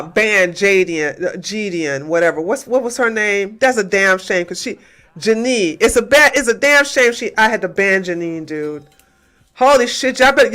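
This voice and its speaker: A woman hosts a heated livestream rant, taunting her chat and firing the same questions again and again. Her voice is bright and tense, and her talk is combative and full of profanity. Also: mid-range voice. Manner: repeats and hammers questions. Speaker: livestream host.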